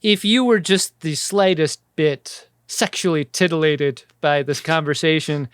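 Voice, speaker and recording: Male podcast co-host, slightly high and clear, dry close mic, crude jokey banter. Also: a little slow, no room sound. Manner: crude, joking, acts out quotes. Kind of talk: casual comedic chat.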